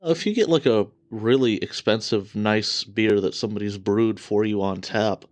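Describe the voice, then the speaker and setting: A man's voice: lowish voice, moderate pace, no room sound. An American man co-hosting a podcast, trading blunt, profane, teasing banter. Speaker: podcast co-host.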